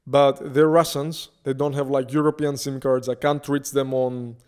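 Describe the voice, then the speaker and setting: Guest, young man, animated casual storyteller. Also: mid-range voice, moderate pace, clear, resonant tone. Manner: animated, swearing freely.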